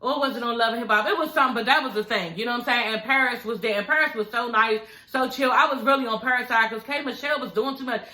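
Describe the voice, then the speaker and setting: A young woman vlogger recaps a reality show in a high, bright voice, gossiping and cursing casually as she talks to her viewers. Her voice bounces around a roomy, echoey space. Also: fast, few pauses. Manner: gossipy, animated, swears freely, addresses viewers as y'all.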